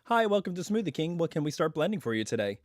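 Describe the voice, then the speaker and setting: A man's voice: a little high, sing-song, fast, dry recording, studio quality, pitched above the performer's own voice. A man putting on a chirpy drive-thru lady. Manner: sing-song customer-service greeting. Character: cheery woman drive-thru greeter.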